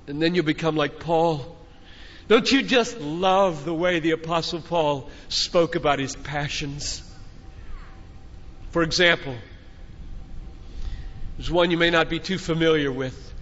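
Older man, preacher, high voice, slow fervent delivery, dull recording in a reverberant hall. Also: lively intonation, a bit bright. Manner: fervent, exhorting, repeating phrases with rising intensity. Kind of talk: sermon to a youth conference crowd. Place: large conference hall.

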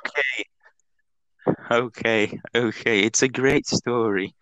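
A man's voice: medium pitch, steady tone, slow pace, fairly bright tone, no echo, poor audio. A man co-hosting a podcast, joking and pleading playfully while telling a silly story. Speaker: streamer and podcast co-host. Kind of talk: casual chat and comic storytelling.

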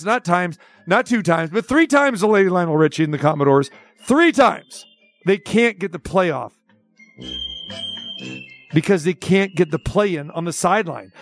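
A man's voice: sits high, a bit bright, no room sound. A man hosting a sports talk segment, ranting with incredulous rhetorical questions. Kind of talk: opinion rant segment.

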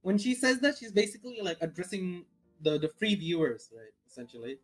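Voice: mid-range voice, very animated, a little fast, low-quality recording. Hesitant speaker full of restarts. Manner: hesitant, many restarts and fillers. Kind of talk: casual chat. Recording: faint music in the background.

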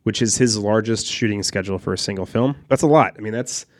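A man hosting a relaxed movie-review chat, his voice sitting on the low side. He talks loosely, tosses in casual swearing and breaks into laughter. The delivery is unscripted and conversational. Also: quick pace. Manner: laid-back, swears casually, laughs often. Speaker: podcast co-host. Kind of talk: casual film discussion.

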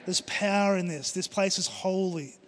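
A man's voice: high-pitched, normal speed. A middle-aged man preaching a sermon with emphatic, repeated phrases in a church. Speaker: pastor. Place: church hall. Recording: long hall reverb.

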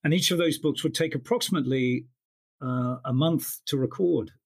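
A man's voice: medium pitch, moderate pace, creaky, breathy edge. A man who works as an audiobook narrator, talking thoughtfully in an interview with frequent restarts. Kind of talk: interview conversation.

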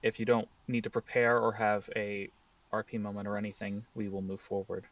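A man's voice: fairly low pitch, level tone, brisk, far from the mic. A man running a tabletop role-playing game as game master, narrating scenes in a casual, joking way and correcting himself as he goes.

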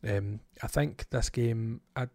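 A man's voice: mid-range voice, takes it slowly, a little mellow, no echo. A man co-hosting a podcast, talking hesitantly and restarting often in casual review chat. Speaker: podcast co-host.

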